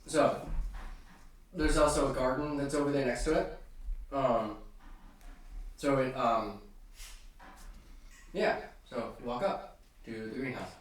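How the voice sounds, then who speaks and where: A man's voice: mid-range voice, steady tone, takes it slowly, long pauses, very echoey, distant mic, poor audio. A man narrating as game master, hesitant and full of ums and restarts.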